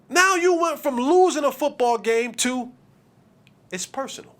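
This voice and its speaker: High-voiced man ranting about sports. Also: animated, normal speed, fairly bright tone. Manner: emphatic, repetitive, street slang. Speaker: podcast host. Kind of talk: sports commentary podcast.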